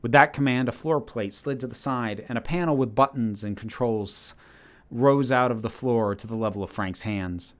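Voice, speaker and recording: A man narrating a story aloud in a steady, measured reading manner. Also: mid-range voice. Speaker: channel host reading his story. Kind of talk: audiobook-style story narration.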